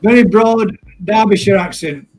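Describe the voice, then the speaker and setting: A man's voice: sits high, normal speed, rough recording. A man hosting a live stream, chatting casually and laughing often as he calls people mate.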